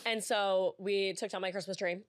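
A woman's voice: medium pitch, steady tone, normal speed, clean tone, dry recording. A young woman co-hosting a podcast, rambling in casual chat with lots of restarts, close to tears. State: tearful, on the edge of crying. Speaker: podcast co-host. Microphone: podcast studio mic.

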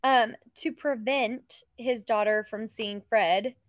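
A woman co-hosting a podcast, telling a story in casual chat, animated, laughing often and tripping over words. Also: on the high side, slow pace, dry recording. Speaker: podcast co-host.

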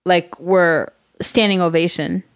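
A woman's voice: fairly low pitch, fairly even intonation, slow pace. A woman in her forties chatting on a podcast, telling a story with swearing and acted-out quotes. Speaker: podcast co-host. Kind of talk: casual chat.

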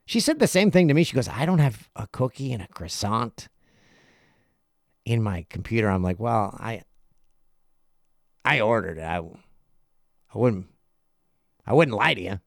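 A middle-aged man hosting a podcast, telling a casual story and acting out other people's lines in quick asides. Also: on the low side, sing-song, vocal fry, no room sound, clean studio sound. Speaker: podcast host.

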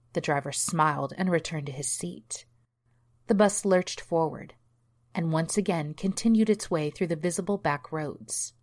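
A woman narrating a scripted horror story for a storytelling podcast in a steady manner. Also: low voice.

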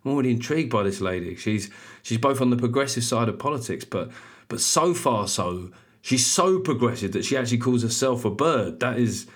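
Comic podcaster in his thirties, mid-pitched, shouty and self-deprecating. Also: fairly quick. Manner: loud, animated, self-mocking, swears freely. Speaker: podcast host and stand-up comedian. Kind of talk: casual comic monologue.

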